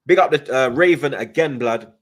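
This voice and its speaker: A man's voice: medium pitch, normal speed. A young man hosts a fan channel, chatting casually and reading viewer comments, with constant slang and "you get me" tags. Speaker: football fan channel host.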